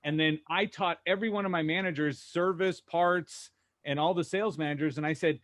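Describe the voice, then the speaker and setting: A man on a video call panel, telling lively stories about running a car dealership and acting out the voices he quotes. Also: on the high side, a little fast. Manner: animated storyteller, acts out quoted voices. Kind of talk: casual panel discussion.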